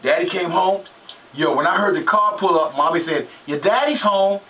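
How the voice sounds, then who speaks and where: A man's voice: sits high, brisk, far from the mic. A man hosting a radio talk show, preaching to parents and telling stories about his own childhood in an emphatic way. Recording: lo-fi phone-like line with hiss, off-mic.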